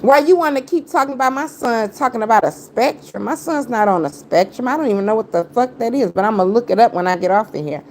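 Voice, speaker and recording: A woman's voice: on the high side, lively intonation, fast, hardly any pauses, a little mellow, a little hiss or hum. Heated, taunting woman livestreamer. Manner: confrontational, repetitive, taunting; heavy slang, talks straight at viewers. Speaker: livestreamer answering critics.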